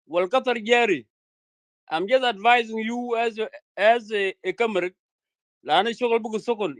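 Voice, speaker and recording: A man with a high voice talks fast and insistently in a heated online debate, repeating his warnings again and again. The sound is dry and close, with no room around it. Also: fairly bright tone, dry recording. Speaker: discussion participant.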